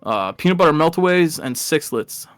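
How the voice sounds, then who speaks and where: A man's voice: a little high, animated, normal speed, a bit bright, clear, resonant tone, no room sound, faint music behind. Chatty rambling male race commentator. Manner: rambling and chatty, laughs at his own stories. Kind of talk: casual live stream commentary.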